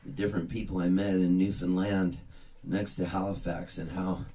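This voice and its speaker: A man's voice: low-pitched, level tone, normal speed. A man telling a rambling, chuckling story at a live gig, mimicking how locals talk. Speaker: singer-songwriter. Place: private party gig. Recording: distant live mic with loud guitar.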